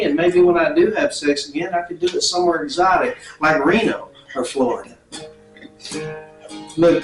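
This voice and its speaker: A high-pitched man delivers deadpan comic sermons and bursts of song. His voice carries the echo of a big room, heard from a little way off the mic. Guitar plays steadily behind him. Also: distant mic. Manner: drawling comic preacher, breaks into song. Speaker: comedian guest. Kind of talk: stand-up comedy song with guitar.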